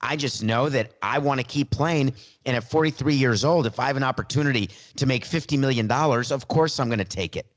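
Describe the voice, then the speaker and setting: A man's voice: mid-range voice, a little fast, hardly any pauses, close to an everyday voice. Guy doing a smug mock quarterback in his forties bragging about money, plain mid-range voice. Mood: boastful. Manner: smug, sarcastic mock press-conference speech. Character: mock star quarterback in his 40s, boastful and money-minded. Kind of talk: satirical impression in a sports podcast.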